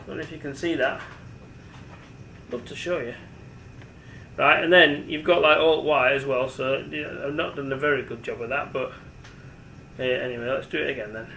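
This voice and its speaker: Brief: man, forties, slightly high voice, rambling home cooking demo, echoey kitchen with a faint hum. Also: sharp tone. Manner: rambling, chatty, talks to the camera as he works. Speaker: home cook. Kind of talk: casual cooking demonstration.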